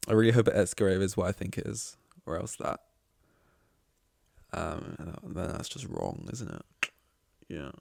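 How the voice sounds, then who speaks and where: Man, solo podcast host, rambling and self-mocking, lowish voice, dry close sound. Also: huge pitch swings, moderate pace, vocal fry, long pauses, no room sound. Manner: self-deprecating, rambling, swears, acts out both sides of awkward chats.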